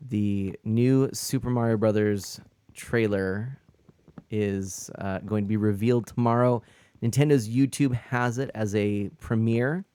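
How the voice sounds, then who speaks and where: A man's voice: fairly low pitch, fairly even intonation, unhurried, warm tone, clear, resonant tone, dry recording. Chatty man streaming a game, dry sound. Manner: rambling, answers chat, many fillers and restarts. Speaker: live streamer. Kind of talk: casual live-stream chat while playing.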